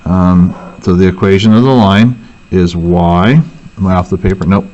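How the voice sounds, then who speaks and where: Male teacher, lowish voice, talks through math steps aloud, muffled lo-fi screen recording. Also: normal speed, darkish tone. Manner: thinks aloud, self-correcting. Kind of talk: worksheet walkthrough lesson.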